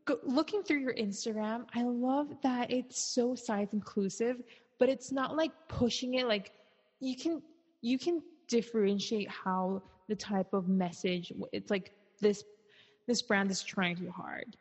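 A woman's voice: on the high side, measured pace, a little mellow, breathy edge. A woman hosting a podcast interview, asking long rambling questions with restarts. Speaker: podcast host. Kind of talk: conversational interview. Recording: long room reverb.

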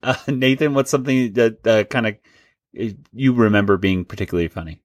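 A man's voice: mid-range voice, brisk, no echo. A man hosting a casual podcast chat, talking loosely and laughing often. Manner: chatty, laughs often, restarts. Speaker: podcast host.

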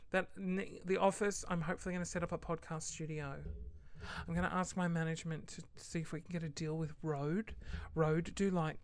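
A woman's voice: low-pitched, a bit bright. A woman hosting a casual solo podcast, rambling chattily and acting out quoted voices with sudden whispered asides. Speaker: podcast host.

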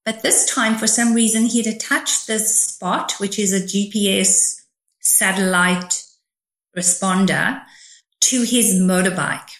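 A woman's voice: medium pitch, takes it slowly, a bit bright. Emphatic middle-aged woman, roomy sound. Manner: vivid, emphatic storytelling. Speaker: author guest. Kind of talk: storytelling interview answers. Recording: roomy echo.

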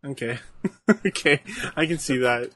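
A man's voice: medium pitch, unhurried, bright, forceful tone. A man chatting casually while watching wrestling, laid-back, giggling often and trailing off with fillers. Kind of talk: casual watch-along chat.

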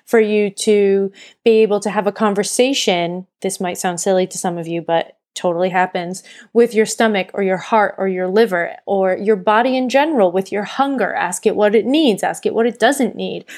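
A woman hosting her own podcast with an earnest, encouraging delivery and a middle-pitched voice. She talks straight to her listeners and now and then stops to correct herself mid-thought. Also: a little mellow. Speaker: podcast host and burnout coach. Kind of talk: casual solo podcast talk.

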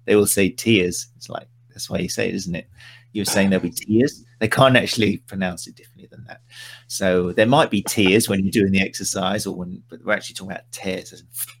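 A man's voice: sits low, fairly even intonation, fast, creaky, slightly rough. A man hosting a casual live-stream chat, teasing and rambling with his guest. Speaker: podcast host.

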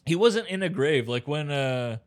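A man's voice: a little high, animated. A man in casual chat about a movie, profane and emphatic, backing up his friend's points. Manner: profane, emphatic, quick to agree.

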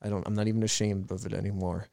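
A man's voice: on the low side, flat delivery, rapid-fire, gravelly, mellow, no echo, studio quality. A man co-hosting a podcast, wrapping up with profane, jokey pleas to listeners. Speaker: podcast co-host. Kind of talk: casual podcast outro.

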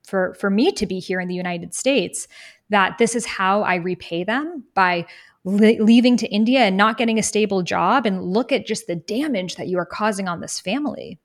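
A young adult woman, a guest in an interview, telling her life story in an earnest, reflective way and briefly acting out other people's words. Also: mid-range voice. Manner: earnest, reflective, animated when quoting others. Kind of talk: personal storytelling in conversation.

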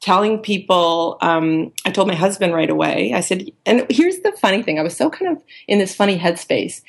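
Woman life coach, interview guest; chatty storyteller with a creaky, gravelly edge who acts out the voices she quotes. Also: lowish voice, animated, normal speed. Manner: chatty, with many fillers and restarts.

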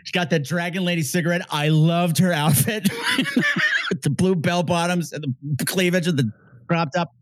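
A man's voice: on the high side, fairly even intonation, moderate pace, no room sound, studio quality. A man hosting a podcast, chatting casually and enthusiastically about a film, laughing easily. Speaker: podcast host. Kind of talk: casual film-review chat.

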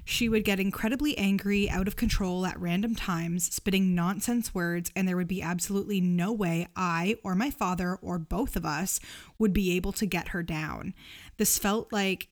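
A woman's voice: on the low side, fairly even intonation, normal speed. A woman co-hosting a podcast, reading a listener's story aloud with casual, giggly asides. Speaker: podcast co-host.

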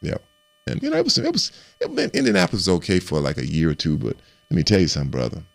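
Deep gravelly man telling stories. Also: rapid-fire, no echo. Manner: animated storyteller who repeats and restarts words and acts out quotes. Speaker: guest recounting his playing career. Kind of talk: casual storytelling interview.

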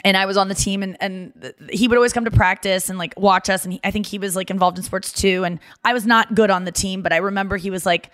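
A woman's voice: mid-range voice, steady tone, fast talker, hardly any pauses, a bit bright. A woman co-hosting a podcast, chatting casually and telling stories with lots of "like" fillers. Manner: chatty storyteller, many "like" fillers. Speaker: podcast co-host. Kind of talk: casual chat.

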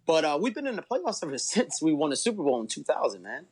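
A man's voice: a little high, wildly swooping pitch, quick pace, slightly rough. A man from Baltimore with a Baltimore accent, talking eagerly as a guest on a sports podcast. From Baltimore, USA. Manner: enthusiastic, talkative, says "bro". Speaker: guest fan. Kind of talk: casual sports podcast chat.

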